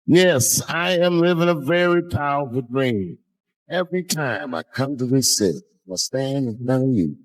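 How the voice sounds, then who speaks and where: A man doing stand-up storytelling, animated and profane, swinging between loud bursts and hushed asides. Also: medium pitch, moderate pace, rough recording. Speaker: stand-up comedian.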